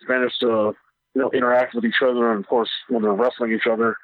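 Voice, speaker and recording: A man's voice: mid-range voice, level tone, fast, no echo. A man with a mid-range voice chatting on a podcast. He stumbles and repeats his words, and he comes through a tinny, phone-like line that is dry and close. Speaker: podcast co-host. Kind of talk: casual chat.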